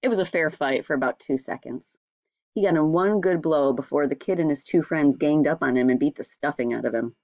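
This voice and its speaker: A woman reading a storybook aloud in a steady, measured way. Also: low voice, no echo, lo-fi sound. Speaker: audiobook reader. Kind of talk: storybook narration.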